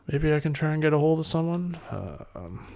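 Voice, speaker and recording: A man's voice: a little high, big pitch swings, a little fast, vocal fry, darkish tone. A young man hosting his own podcast alone, chatting casually in a rambling, laid-back way with loose slang. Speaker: podcast host. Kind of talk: casual solo podcast chat.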